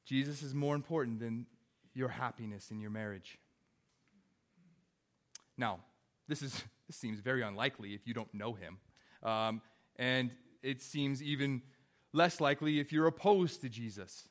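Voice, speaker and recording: A man's voice: medium pitch, moderate pace, long pauses. A young adult man, a pastor, preaching a sermon in an earnest, conversational way with wry asides.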